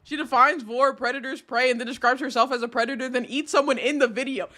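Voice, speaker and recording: A livestreamer chats casually with viewers, excitable and exasperated, sinking into low mutters before leaping into high outbursts. The talk is fast with hardly any pauses.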